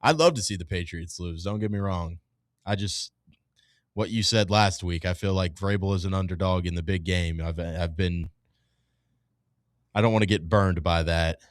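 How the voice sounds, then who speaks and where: A man co-hosting a casual sports talk show, hedging and filling pauses as he talks. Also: sits low, no echo, studio quality. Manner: hesitant, hedging with fillers.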